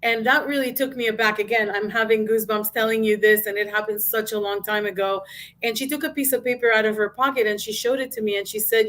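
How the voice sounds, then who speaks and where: A woman's voice: on the high side, steady tone, quick pace, fairly bright tone. A middle-aged woman, a business coach and guest speaker, telling her life story in an interview with emotion and acted-out quotes.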